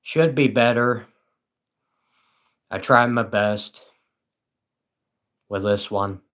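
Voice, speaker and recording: A man's voice: on the low side, very slow, fairly bright tone. A tired British man hosting a livestream, chatting casually and reading viewers' comments with dry, self-mocking sarcasm. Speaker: livestream host.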